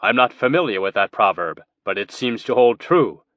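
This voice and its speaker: Earnest young male scholar, measured and plain; narrator's own voice. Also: medium pitch, animated, dry recording, lo-fi sound, lightly acted. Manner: measured, explanatory.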